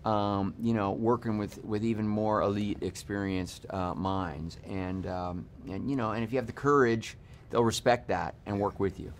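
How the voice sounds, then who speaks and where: A man, a film director, giving measured, thoughtful advice in a junket interview. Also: fairly low pitch, fairly even intonation, a little hiss or hum.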